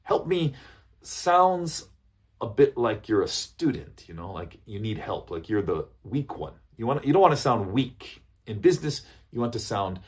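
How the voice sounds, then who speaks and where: This business English teacher has a lowish, slightly rough voice and a moderate pace. He's lively, says phrases over again, and frequently asks "okay?" or "right?" to check in.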